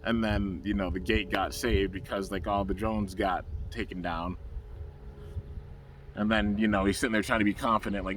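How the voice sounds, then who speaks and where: A man's voice: lowish voice, steady tone, normal speed, bright, forceful tone, a little hiss or hum. Rambling man recapping a cartoon episode. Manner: rambling, loose and enthusiastic, full of "um" and "you know". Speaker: anime episode reviewer. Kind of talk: casual recap.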